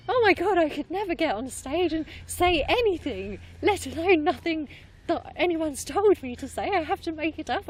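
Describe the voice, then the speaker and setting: A woman improviser talks casually as a podcast guest, laughing often and filling pauses with ums and likes. Her voice sits at an ordinary pitch. A faint hiss of background noise runs under the recording. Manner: lively, laughing, chatty with many fillers. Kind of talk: casual interview chat. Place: London.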